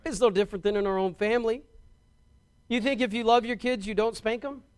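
A middle-aged pastor preaches in an emphatic, driving style. He repeats words as he builds his points and rises to loud stresses. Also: high-pitched, fairly even intonation, fairly quick, clean tone. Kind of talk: sermon.

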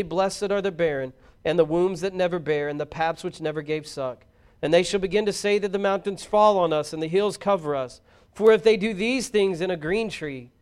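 Man voicing a calm doomed man, slow grave lines, clear voice. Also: high-pitched, natural voice.

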